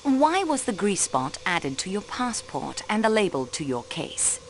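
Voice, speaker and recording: Unhurried and mid-range, this young woman's voice has big pitch swings over faint background noise. She is voicing a mystery game's amateur detective, a railway clerk acting the sleuth, who is sharp, cool, poised and persistent. The mood is probing, French phrases appear in her speech, and the clip is video game voice acting.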